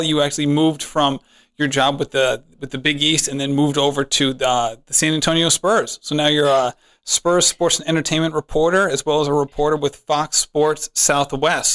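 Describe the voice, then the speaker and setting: A man's voice: on the high side, fairly bright tone. A man hosting a college podcast, interviewing a guest in a friendly, conversational way with some fillers and restarts. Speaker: podcast host.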